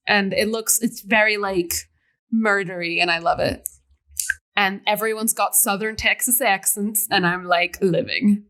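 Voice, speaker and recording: Bright-voiced young woman, laughing chat. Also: medium pitch. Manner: animated, laughs often, swears. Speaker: podcast co-host. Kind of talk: casual chat.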